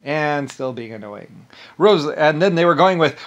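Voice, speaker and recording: Through dull audio, a man who vlogs delivers an angry, profane monologue, agitated and rambling as he repeats himself and keeps restarting. His voice sits on the high side and is expressive, at a normal speed.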